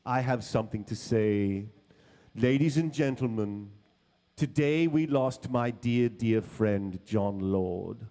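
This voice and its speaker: A man imitating a theatrical male rock singer, making solemn, drawn-out stage announcements. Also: lowish voice, mellow.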